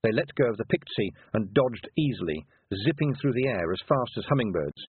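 A man narrates a storybook with an expressive, lively lilt that rises and falls a great deal. His voice is husky and comes through a thin, phone-like band. The recording is bone dry, with no room sound. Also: mid-range voice, brisk, dry recording. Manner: expressive, varied delivery. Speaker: audiobook narrator.

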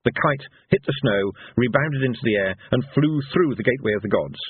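A man narrating a fantasy audiobook in an expressive, storytelling manner. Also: medium pitch, brisk, breathy edge. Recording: tinny phone-like sound.

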